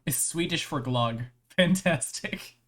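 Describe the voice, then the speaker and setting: Slow, rambling, playful live streamer. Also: mid-range voice, fairly bright tone. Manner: rambling and playful, with frequent laughs; halting, with many restarts. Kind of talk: casual live-stream chat.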